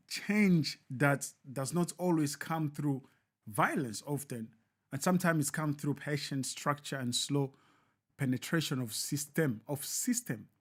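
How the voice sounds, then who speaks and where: Emphatic, preachy male live-show host. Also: a little high. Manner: emphatic, repetitive, preacher-like cadence.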